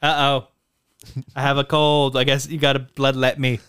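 A man's voice: medium pitch, level tone, moderate pace, fairly bright tone, clean tone, no room sound, studio quality. A man co-hosting a casual podcast, joking around and laughing often. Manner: laughs often, playful, tries goofy impressions. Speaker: podcast co-host. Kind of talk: casual banter.

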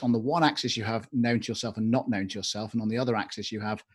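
A man's voice: fairly low pitch, steady tone, very fast, husky. A man hosting a podcast and explaining an idea step by step. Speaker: podcast host. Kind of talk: podcast conversation.

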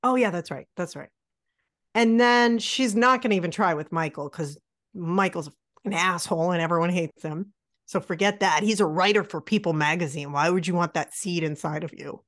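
A woman's voice: lowish voice, normal speed, fairly bright tone, no echo, clean studio sound. A woman co-hosting a podcast, chatting casually and sarcastically about an old film. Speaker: podcast co-host.

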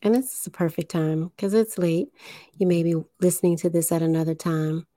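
A woman hosting a spiritual livestream, speaking deliberately, enunciating carefully and guiding listeners through breathing. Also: fairly low pitch, steady tone, dark tone, no room sound, clean studio sound. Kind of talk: slow spiritual livestream talk.

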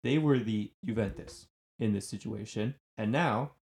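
A man's voice: lowish voice, moderate pace, creaky, darkish tone. A man co-hosting a football podcast in casual chat, emphatic and checking in with his listeners as he makes points. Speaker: podcast co-host.

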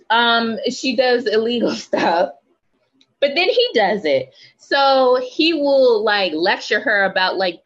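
A woman's voice: mid-range voice, lo-fi sound. A woman co-hosting a casual podcast, ranting emphatically and swearing freely. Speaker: podcast co-host.

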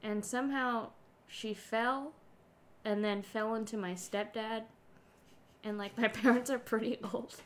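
A woman's voice: on the high side, steady tone, a little slow. A woman co-hosting a casual chat, telling a family story in a chatty, giggly way. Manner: chatty, giggly, loose phrasing.

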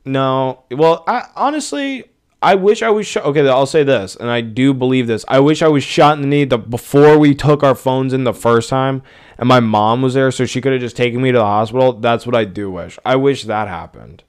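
A man's voice: medium pitch, normal speed, clean tone. A young man hosting a podcast, ranting in a rambling, profane, exasperated way. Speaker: podcast host. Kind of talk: casual rant.

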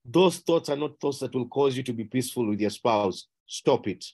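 In an animated, fairly quick voice, a man gives an emphatic sermon full of rhetorical questions and repeated key phrases. He pushes up his pitch and loudness on the words that matter most.

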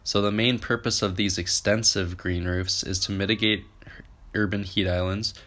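A man's voice: fairly low pitch, fairly even intonation, moderate pace, fairly bright tone. A man hosting an advice podcast, talking casually with fillers and self-corrections while getting over a cold. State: recovering from a cold. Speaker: podcast host.

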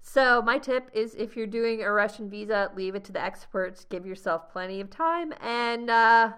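A young American woman hosting a travel podcast, telling a story in a lively, laughing way. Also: mid-range voice, moderate pace, clean tone. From United States. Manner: animated storyteller, laughs often. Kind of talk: casual storytelling chat.

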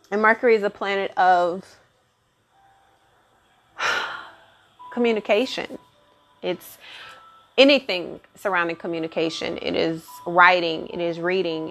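A woman's voice: on the low side, creaky. A woman speaking in a casual solo monologue about astrology, earnest and emphatic, often stacking repeated phrases. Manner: earnest, repetitive, emphatic lists. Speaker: astrology talk host.

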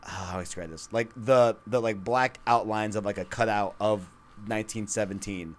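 A man's voice: fairly low pitch, normal speed. Rambling man chatting about games. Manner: rambling, full of "like" and "you know", excitable. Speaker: podcast co-host. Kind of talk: casual gaming podcast chat. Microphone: studio microphone.

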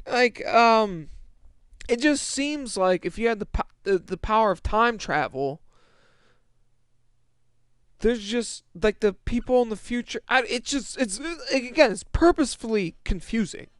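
A man's voice: very high voice, lively intonation, measured pace, a bit bright, clean tone, dry recording, studio quality. A young man in a casual, exasperated rant about a movie, swearing and restarting his sentences as he rambles. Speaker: movie reviewer.

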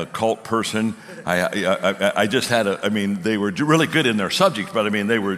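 A man preaching a sermon in a folksy, animated storytelling manner, with many restarts. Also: lowish voice, big-room sound.

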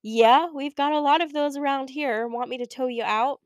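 A woman's voice: high voice, normal speed, no echo, clean studio sound, pitched above the performer's own voice, lightly acted. A woman doing an easygoing, helpful bearded guy. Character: friendly bearded young man, easygoing. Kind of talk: audiobook character voice.

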